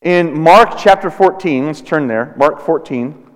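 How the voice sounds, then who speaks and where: Pastor, thirties, deliberate sermon delivery with long pauses, big hall reverb. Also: male voice, a little high. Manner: slow, deliberate preaching with dramatic pauses.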